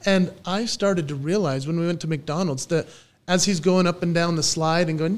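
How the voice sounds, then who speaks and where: A man in his forties, a stage entertainer and guest on a podcast interview, telling lively stories and acting out the voices he quotes. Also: fairly high pitch, brisk. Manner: lively storyteller who acts out quoted voices.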